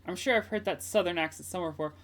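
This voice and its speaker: A woman's voice: on the low side, racing, background noise, pitched above the performer's own voice, close to an everyday voice. A woman voicing an earnest young male defense lawyer in a plain, mildly wry way, reading game dialogue. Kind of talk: game dialogue read aloud.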